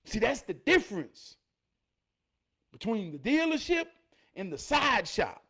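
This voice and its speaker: A man gives a motivational monologue, telling stories and preaching, sometimes loud, sometimes low. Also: sing-song, unhurried, pauses often, breathy edge. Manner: preachy, storytelling, swings from loud to near-murmur. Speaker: motivational speaker.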